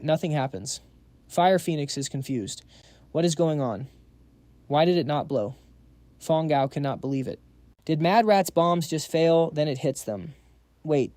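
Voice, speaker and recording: A man's voice: on the high side, dark tone, no echo. A man narrating a comic recap in a hyped, slangy storytelling manner.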